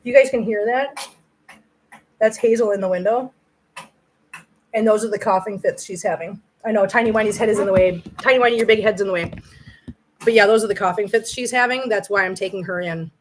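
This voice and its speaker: A middle-aged woman hosts a casual livestream for a cat channel, reading viewer comments in an earnest, effusive way and getting emotional when she praises viewers. Her mid-range voice is fairly quick, in a rough recording with slight background noise.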